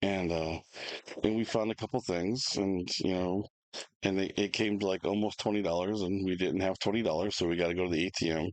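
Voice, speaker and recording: A man, co-hosting a casual chat, telling an animated, rambling story with restarts and laughs. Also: deep voice, brisk, no echo, poor audio. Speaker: podcast co-host.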